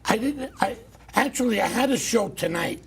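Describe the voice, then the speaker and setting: A middle-aged man hosting a talk show, telling stories in a blunt, loud, animated rant. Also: high-pitched, moderate pace, gravelly, a little hiss or hum. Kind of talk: casual ranting monologue.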